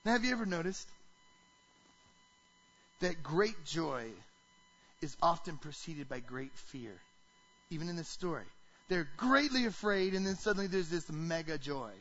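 A man preaching a sermon to a congregation, animated, often asking the listeners questions. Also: on the high side, lo-fi sound. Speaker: pastor.

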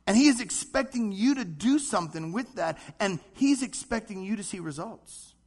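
Guy preaching a sermon, fairly high voice, really animated, does little voices. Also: husky. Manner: animated, acts out voices in quick asides. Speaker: pastor.

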